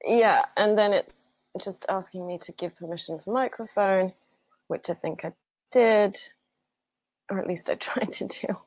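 A woman singer-songwriter chatting as an interview guest through phone headphones, self-deprecating and quick to laugh. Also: medium pitch, a little mellow, dry recording. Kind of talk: casual interview chat.

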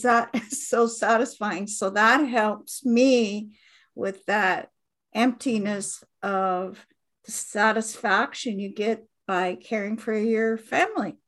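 A woman in her fifties hosting a podcast, telling a heartfelt personal story in an unhurried, reminiscing way. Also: a little high. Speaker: podcast host. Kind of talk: conversational storytelling.

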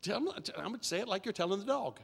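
A high-voiced male pastor preaching with a bright, forceful edge and a wildly swinging pitch. He drives his points home with shouted repeated phrases and calls for the congregation to answer back. His voice rings through the long reverb of a big sanctuary. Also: animated, quick pace, vocal fry, slightly rough. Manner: preaching with rising shouted repetition and congregation call-and-response. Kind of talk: sermon. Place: church sanctuary. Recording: long reverb of a large hall.

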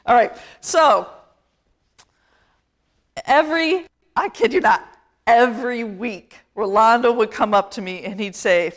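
Chatty woman priest, slightly high voice. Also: unhurried, long pauses. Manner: chatty, self-deprecating, laughs often. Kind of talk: conversational sermon.

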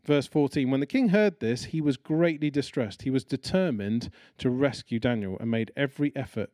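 A man delivering a sermon in a relaxed, chatty manner, slipping into voices to act out the story. His voice sits at an ordinary middle pitch with a mellow, warm tone. The sound is dry and close, with no room echo. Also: moderate pace. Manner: conversational, animated storytelling with acted-out quotes. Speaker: preacher.

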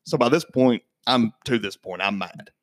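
A man in his thirties tells a story on a podcast, casual and animated, his pitch leaping when he acts out what others said. His voice sits mid-range and is recorded close and dry, with no room sound. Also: normal speed, dry recording. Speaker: podcast guest.

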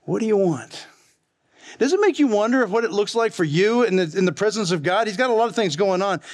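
A man's voice: high-pitched, animated, fairly quick. A middle-aged male pastor preaching a sermon in a folksy, chatty way, telling family stories and chuckling along. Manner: folksy, chatty, laughs at his own stories. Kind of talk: sermon with storytelling.

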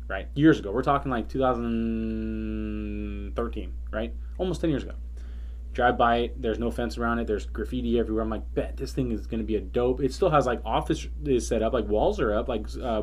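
A man's voice: fairly low pitch, a little mellow. Man telling stories in casual chat. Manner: profane, loose storytelling with fillers.

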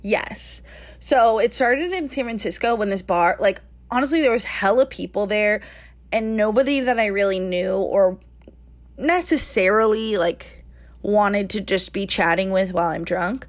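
A woman's voice: medium pitch, measured pace. Chatty young woman telling a story. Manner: animated, laughs often, says "like" a lot. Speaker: podcast co-host. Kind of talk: casual storytelling chat.

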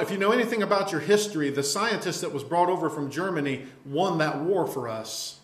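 A man's voice: fairly high pitch, roomy sound. A man preaching a fiery, scolding sermon from the pulpit.

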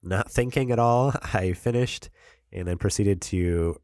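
A man's voice: lowish voice, unhurried, a little mellow, no room sound, studio quality. A man co-hosting a casual podcast, congested from a cold and chuckling often. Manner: laid-back, chuckles often. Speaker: podcast co-host. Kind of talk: casual chat.

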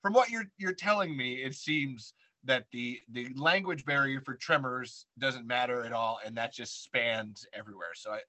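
A man's voice: medium pitch, normal speed, low-quality recording. A man hosting a podcast, chatting casually and joking with his guest. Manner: laughing, joking, animated. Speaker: podcast host. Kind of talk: casual interview chat.

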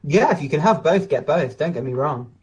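A man's voice: fairly high pitch, animated, fairly quick. A British man co-hosting a casual podcast chat, blunt and opinionated, telling anecdotes. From Britain. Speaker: podcast co-host.

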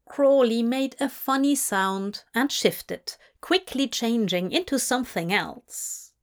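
A woman reading a story aloud in a gentle, unhurried storytelling voice. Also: fairly high pitch, animated. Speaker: reader. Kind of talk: audiobook-style fan fiction reading.

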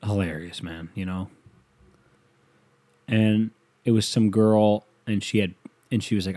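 Brief: male comic, low-leaning voice, crude sarcastic rant, solo monologue. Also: moderate pace, pauses often, warm tone. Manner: profane, sarcastic, ranting.

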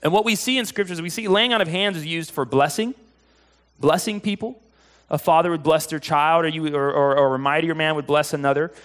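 Male preacher, fairly high voice, casual storytelling sermon delivery, lively when excited. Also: a little fast. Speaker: pastor.

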